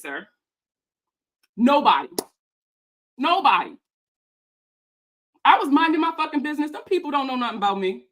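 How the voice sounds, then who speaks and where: A woman's voice: sits high, big pitch swings, a bit bright. Fiery, cursing woman ranting on camera. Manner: profane, heated, fast-talking; sarcastic and mocking. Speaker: personal finance content creator. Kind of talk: reaction video rant.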